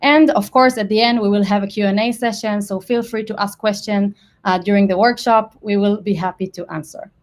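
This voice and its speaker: A woman opens and hosts a live online workshop over a video call. She speaks in a friendly, welcoming way at an ordinary middle pitch. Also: fairly even intonation, a little fast, hardly any pauses. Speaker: product marketing manager, webinar host. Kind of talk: live webinar hosting.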